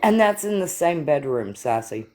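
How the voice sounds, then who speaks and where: A woman's voice: low voice, sing-song, normal speed, darkish tone, slight background noise. An older woman hosting a live stream, telling stories with laughter and swearing in a casual chat. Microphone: phone or computer for live stream.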